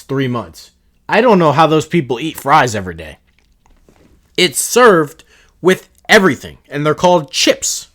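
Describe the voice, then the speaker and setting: A man's voice: fairly high pitch, a bit bright. A man hosting a solo podcast, ranting bluntly and with profanity in an exasperated, offhand way. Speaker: podcast host.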